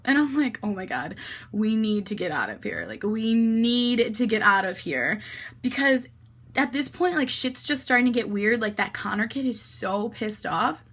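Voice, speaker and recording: A young woman vlogger telling a wild night-out story in casual, animated speech, full of "like" and swearing. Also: a little high. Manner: animated, heavy use of "like" and swearing.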